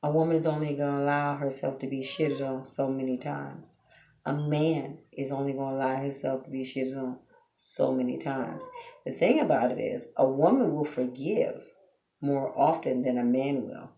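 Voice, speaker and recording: A woman with a deep, dark bass voice speaks at normal speed directly to her viewers, handing out blunt relationship advice. Her monologue is preachy and packed with rhetorical questions, and the recording has a roomy echo.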